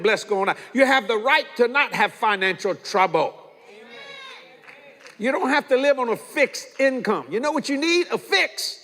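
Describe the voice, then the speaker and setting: An older man preaching a sermon, telling stories in a folksy, animated way and acting out the dialogue. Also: very high-pitched. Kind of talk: sermon with storytelling. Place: large church. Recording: reverberant church hall.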